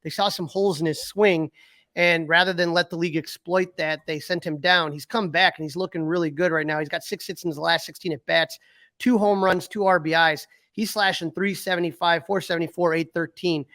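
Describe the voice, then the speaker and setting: A man's voice: fairly high pitch, steady tone, brisk, pushed and bright, no echo, studio quality. A middle-aged man co-hosting a sports podcast in casual chat, reading out stats with fillers and restarts. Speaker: podcast co-host.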